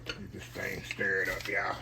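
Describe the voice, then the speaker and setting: A man's voice: low voice, monotone, measured pace, vocal fry, background noise. An older man hosting a casual home cooking video, chatting folksy with viewers as he works in his kitchen. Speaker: home cooking channel host.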